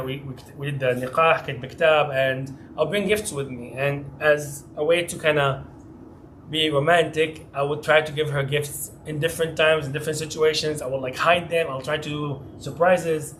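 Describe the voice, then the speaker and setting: A man's voice: a little high, a bit bright, a little hiss or hum. A middle-aged man, a family therapist, giving a conversational talk at a community center and acting out dialogue from his own stories. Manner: conversational, acts out quoted dialogue, frequent restarts. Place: mosque community hall.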